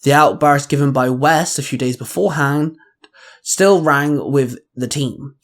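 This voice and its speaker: A man hosting his own channel and reading his fan fiction aloud at a measured pace. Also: medium pitch. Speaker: host and fan fiction reader.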